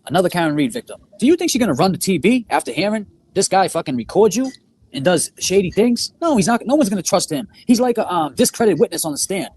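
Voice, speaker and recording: A man's voice: sits high, quick pace, breathy edge. A man co-hosting a livestream, speaking scornfully and swearing heavily. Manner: profane, scornful, animated. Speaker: podcast co-host. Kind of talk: heated livestream rant.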